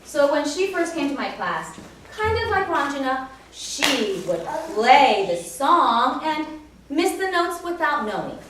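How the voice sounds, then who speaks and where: A woman piano teacher speaking to children and parents at a recital, telling animated stories and acting out her students. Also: high-pitched, measured pace, a little hiss or hum. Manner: animated storytelling, acts out students. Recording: echoey room from far off.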